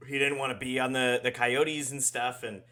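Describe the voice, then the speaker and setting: A man's voice: medium pitch, little pitch movement, moderate pace, pushed and bright. A man co-hosting a hockey podcast in casual chat, laid-back, swearing often and trailing off mid-sentence. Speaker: podcast co-host.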